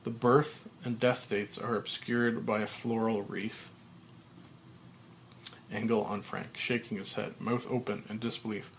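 Man reading stage directions slowly. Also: lowish voice, level tone, vocal fry, a little hiss or hum. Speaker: podcaster. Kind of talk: reading a screenplay aloud.

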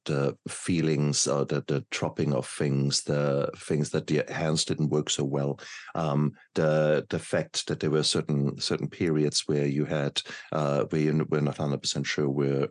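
Male host and doctor, extremely deep voice, courteous and halting, dry sound. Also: darkish tone, no echo. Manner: formal, polite, hesitant with repeated words. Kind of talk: interview questions.

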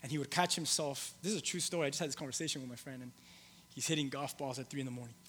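A male pastor preaching a sermon, shifting between loud emphatic lines and soft, low storytelling, with halting restarts and repeated phrases. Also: steady tone, slight background noise. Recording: long hall reverb.

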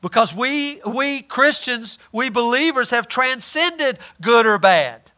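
Guy preaching, kinda high voice, repeats himself a lot, keeps asking the room stuff. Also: expressive, slow, pushed and bright. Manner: conversational, repeats words, asks the listeners questions. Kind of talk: sermon.

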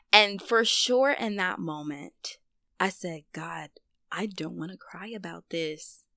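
A young woman candidly telling a personal story on her vlog, chatty and full of fillers, dropping to a hush on the hard parts. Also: fairly low pitch, clear, resonant tone, dry recording, clean studio sound. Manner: candid, conversational, heavy use of fillers. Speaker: vlogger.

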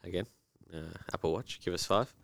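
A man hosting a podcast, trading quick, teasing banter with his guest. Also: sits low, fairly bright tone, dry recording. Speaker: podcast host. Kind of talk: casual chat.

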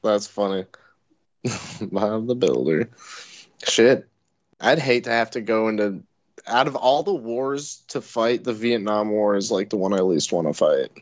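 A man's voice: fairly low pitch, expressive, moderate pace, no echo. A young man in casual chat, laid-back, reacting with swear words. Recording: dull dry lo-fi sound.

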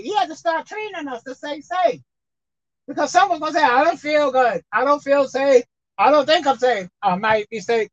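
A woman preacher delivering a sermon, swinging between loud emphatic outbursts and quiet asides. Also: sits high, animated, moderate pace, no room sound. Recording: dull lo-fi dry sound.

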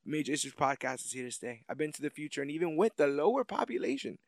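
A man's voice: a little high, fast, no echo, studio quality. A man hosting a comics podcast, wrapping up the episode with jokes and plugs in a casual, playful way. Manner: playful, joking, rambling sign-off. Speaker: podcast host.

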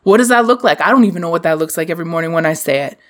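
A woman's voice: lowish voice, lively intonation, very fast. A woman hosting a podcast, giving a candid, casual motivational talk and swearing freely. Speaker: podcast host.

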